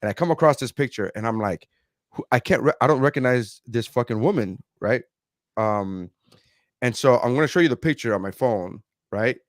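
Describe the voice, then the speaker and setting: A man's voice: mid-range voice, normal speed, dry recording, studio quality. A man co-hosting a podcast, telling a long profane story in casual chat with lots of quoted voices. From South Florida. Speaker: podcast co-host, comedian.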